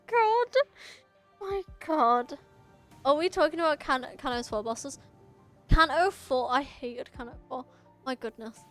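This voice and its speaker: A woman's voice: high voice, fairly bright tone. A young British woman streaming a game, chatting casually with viewers in a jokey way. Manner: chatty, jokey, frequent restarts. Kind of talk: casual live-stream chat.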